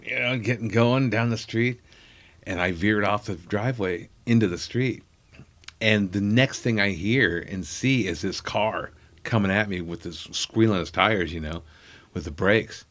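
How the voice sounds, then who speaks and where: A man's voice: on the low side, a little slow, fairly bright tone. A middle-aged man telling rambling, self-deprecating family anecdotes in a casual chat, acting out the people he quotes. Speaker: comedian guest.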